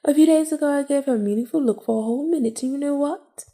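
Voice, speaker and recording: A woman's voice: high-pitched, fast, dark tone, pitched above the performer's own voice. A woman reading aloud a scheming, vengeful young woman from a cafe game, in a theatrical, gleeful manner. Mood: indignant.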